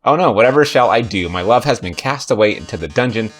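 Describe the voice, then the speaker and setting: Man doing showy male robot star, slow theatrical drawl, mock-tragic. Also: on the low side, lively intonation. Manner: theatrical, drawn-out stage delivery. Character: flamboyant dramatic male killer robot star.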